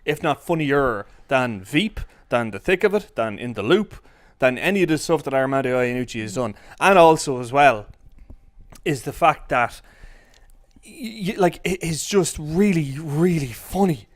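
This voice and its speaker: Chatty man reviewing films. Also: fairly high pitch. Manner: rambling, heavy use of "like", quick bursts of excitement. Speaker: film critic. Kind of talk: casual chat.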